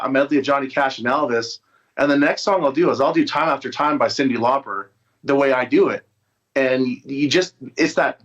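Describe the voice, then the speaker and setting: A man's voice: fairly high pitch, a bit bright. A man who is a musician, chatting casually and rambling through an interview over a video call. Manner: rambling, with frequent restarts and fillers. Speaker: musician guest. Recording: dull lo-fi video call audio.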